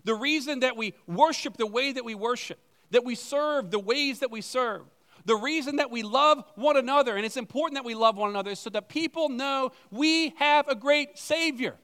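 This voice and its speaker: High-voiced pastor preaching in a reverberant hall. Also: male voice, normal speed, a bit bright. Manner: conversational, with rhetorical questions and self-deprecating asides. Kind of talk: sermon. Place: church sanctuary.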